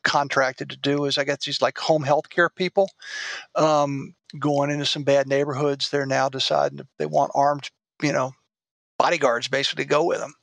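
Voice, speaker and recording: Gravelly-voiced male investigator guest. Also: mid-range voice, little pitch movement, moderate pace, fairly bright tone, dry recording. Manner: rambling, restarts often, laughs easily. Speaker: former DEA agent, now private investigator. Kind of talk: casual interview chat.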